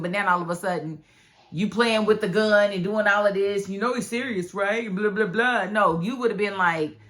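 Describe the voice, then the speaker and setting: A woman reviewing a TV drama episode in a casual, animated way, acting out the characters' lines. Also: medium pitch. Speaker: TV show reviewer. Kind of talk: casual recap commentary.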